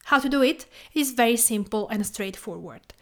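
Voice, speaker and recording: Italian-accented female podcast host, slightly high voice, calm scripted delivery. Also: normal speed. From Tuscany, Italy.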